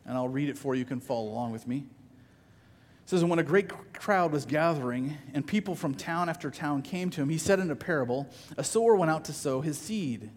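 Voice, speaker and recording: A man's voice: on the high side, lively intonation, a little fast, long reverb tail. A man preaching a sermon as pastor, conversational, often repeating words as he starts a phrase.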